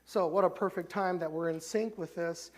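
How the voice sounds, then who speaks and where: A man's voice: high-pitched, steady tone, moderate pace. A man with a Midwestern American accent preaching a sermon as pastor in a church sanctuary, talking conversationally with many restarts. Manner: conversational preaching, frequent restarts, voices the characters he retells.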